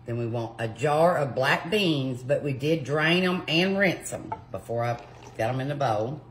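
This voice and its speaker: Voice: medium pitch, lively intonation, normal speed, slight background noise. A home cook, talking plainly through a recipe in a casual cooking demonstration in a home kitchen. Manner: homey, plainspoken, talks while working. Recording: kitchen clatter behind the voice.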